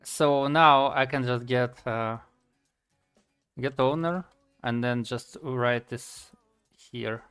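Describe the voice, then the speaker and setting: A man's voice: mid-range voice, fairly bright tone, clean tone, soft background music. Man, streaming while coding. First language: Slovak. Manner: halting, many fillers and restarts, thinking aloud. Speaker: game developer streaming. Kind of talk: casual live-stream chat while coding.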